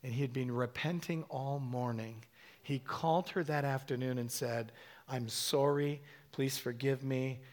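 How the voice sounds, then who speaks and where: A middle-aged man preaching a sermon, telling a story with animated quoted voices. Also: unhurried. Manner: animated storytelling, acting out quotes with sudden high-pitched bursts.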